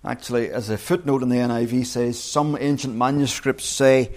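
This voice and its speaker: A man preaching an evening sermon, reflective and measured, slowing down to read scripture aloud. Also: medium pitch, fairly even intonation, darkish tone.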